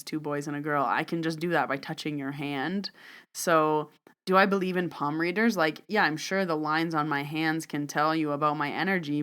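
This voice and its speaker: A young woman hosting a podcast, casually telling a joking story with lots of animated retelling. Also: low-pitched, clear, resonant tone. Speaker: podcast host, psychic medium.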